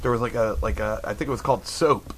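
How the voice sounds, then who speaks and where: A man's voice: mid-range voice, steady tone, quick pace, rough recording. A laid-back man chats loosely on a podcast, his voice sitting in an ordinary middle register. He drifts between banter and reading reviews aloud. Faint clicks and hiss sit under his voice. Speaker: podcast co-host. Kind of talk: casual chat.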